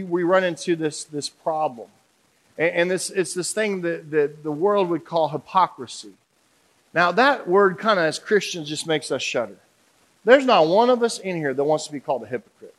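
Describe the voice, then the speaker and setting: High-voiced joking male pastor. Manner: humorous, conversational, audience questions. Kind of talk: sermon.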